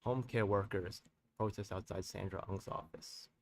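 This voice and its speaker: A community activist hosts a live stream, rambling heatedly with profanity and street slang while tossing quick tag questions at his viewers. His voice is on the low side with fairly even intonation, picked up by a distant mic.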